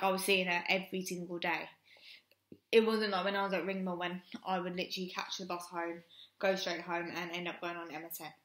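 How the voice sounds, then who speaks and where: A woman's voice: medium pitch, sharp tone. A young woman, frankly telling a personal story on her vlog and rambling with many "um"s. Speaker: vlogger. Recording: roomy echo.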